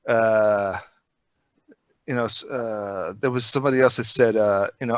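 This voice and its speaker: A man's voice: lowish voice, a little slow, no echo. A man chatting casually on a podcast, telling rambling, profane stories with lots of energy. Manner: rambling, profane, animated storytelling.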